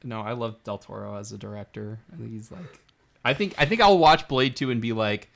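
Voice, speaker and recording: A man's voice: mid-range voice, a little fast, gravelly. A man co-hosting a podcast, chatting casually about movies with lots of laughter and quoted lines. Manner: enthusiastic, laughs often, acts out lines in quotes. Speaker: podcast co-host.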